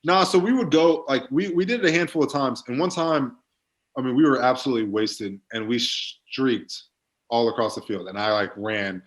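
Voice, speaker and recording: A man's voice: mid-range voice, normal speed. Laid-back young man telling stories. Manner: laid-back storytelling, many fillers. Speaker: guest, pro football player. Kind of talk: casual podcast chat.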